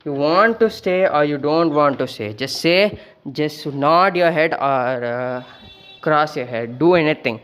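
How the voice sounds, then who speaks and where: A man's voice: on the high side, measured pace, fairly bright tone, clear, resonant tone, faint music behind. A man voicing a young male monster trainer talking in an exasperated, pleading way.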